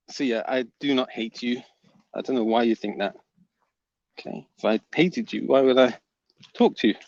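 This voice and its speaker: A man's voice: mid-range voice, dry recording, dull audio. A man hosting a livestream, reading viewer comments aloud and teasing the chatters. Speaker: livestream host reading chat. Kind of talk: casual livestream chat.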